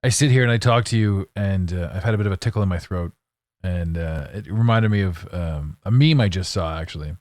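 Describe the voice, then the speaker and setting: A man's voice: low-pitched, brisk, darkish tone, no echo. A man hosting a podcast, talking in a candid, meandering monologue with casual swearing and frequent restarts. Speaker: podcast host.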